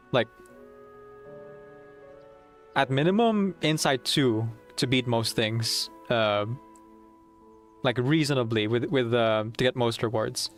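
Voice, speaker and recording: Excitable, giggly man playing a game. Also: medium pitch. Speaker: game streamer. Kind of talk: casual gameplay commentary.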